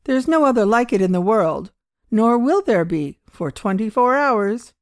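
A woman reading aloud voices a mysterious old man with a white beard, speaking quietly, unhurried and cryptic. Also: on the high side, expressive, dry recording, clean studio sound. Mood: calm cryptic.

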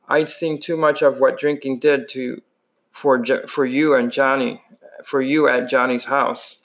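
A man's voice: medium pitch, steady tone, measured pace. A man reading a novel chapter aloud in a plain voice, with frequent slips and restarts. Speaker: reader.

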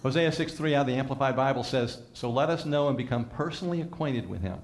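A man's voice: mid-range voice, quick pace. Male pastor preaching a conversational sermon. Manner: leads congregation in call-and-response repetition; conversational, teasing asides to listeners.

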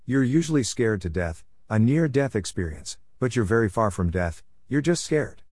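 A man giving an earnest, measured voice-over narration of a personal testimony. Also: medium pitch, big pitch swings, a little mellow, no echo, clean studio sound.

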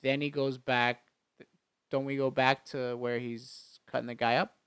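Man chatting, retells the movie scenes, does little voices, laughs a lot, very clear voice. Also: mid-range voice, measured pace, no echo. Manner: animated retelling, acts out lines, laughs often. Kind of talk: casual chat recapping a movie.

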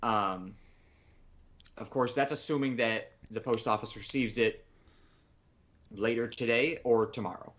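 A man's voice: mid-range voice, unhurried, long pauses, fairly bright tone, muffled recording. Man telling a long story. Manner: rambling storytelling, quoting others on the phone. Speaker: podcast co-host. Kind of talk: casual chat.

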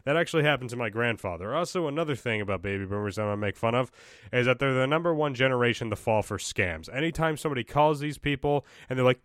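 A man's voice: medium pitch, expressive, quick pace, fairly bright tone, no echo, studio quality. A young man hosting a solo podcast, ranting casually with profanity, exasperation and frequent restarts. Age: young adult. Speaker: podcast host.

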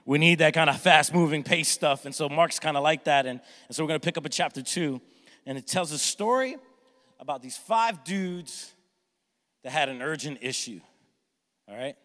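Animated pastor preaching in a reverberant hall. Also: male voice, on the high side, normal speed. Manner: energetic, jokey, acts out family members with shouts. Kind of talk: sermon. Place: church sanctuary with congregation.

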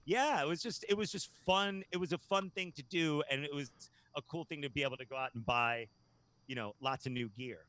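On a casual podcast, a guest from Virginia's Hampton Roads chats in an excitable, meandering way. His voice sits slightly high and moves a bit quickly, punctuated by frequent laughter and false starts.

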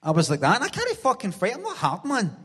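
A man's voice: sits high, huge pitch swings, quick pace, a bit bright, breathy edge. A Glaswegian man, the guest on a live theatre stage show, telling sweary stories with laughs and acting out voices. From Glasgow, Scotland. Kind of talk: live stage interview, storytelling.

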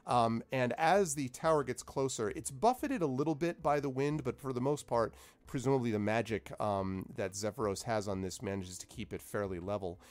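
A man's voice: medium pitch, moderate pace, few pauses, darkish tone. A man narrating as game master of a tabletop game, rambling with many fillers.

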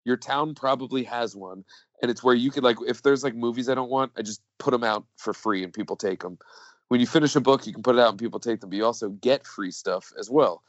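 Casual male podcast co-host, middle pitch, loose filler-heavy chatter, dull lo-fi sound. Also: fast talker, no room sound. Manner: rambling, filler-heavy, jokey. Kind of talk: casual chat.

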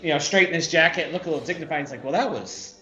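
A man playing a tabletop game, describing his character's moves in a relaxed way and laughing often. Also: on the high side, racing. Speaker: player. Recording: echoey lo-fi sound with faint music.

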